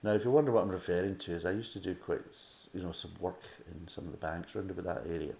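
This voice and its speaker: A Scottish man with a low, deep, creaky voice rants through a casual beer review, fast and steady in tone, a little mellow. He's blunt, sarcastic and swears freely, and his voice rings off the walls of an echoey room with a bit of hiss or hum.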